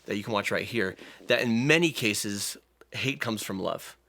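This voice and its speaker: A man's voice: on the low side, moderate pace, sharp tone. Earnest male therapist co-host. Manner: earnest, explanatory. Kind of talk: casual film commentary.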